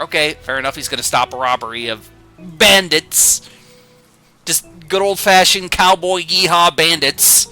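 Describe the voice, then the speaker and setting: A man's voice: fairly high pitch, unhurried, pushed and bright, clear, resonant tone, soft background music. Sarcastic man reading comics on stream. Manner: sarcastic, joking, profane asides.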